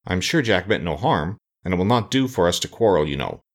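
A man's voice: sits low, very animated, brisk, exaggerated voice. A man voicing a polite, eager young boy in a storybook reading, in an earnest manner.

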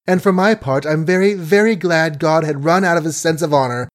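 A man reading an audiobook, voicing a proud, quick-tongued young woman in a raised voice with brisk, emphatic delivery. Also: a little high, voice pushed up, close to an everyday voice. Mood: spirited.

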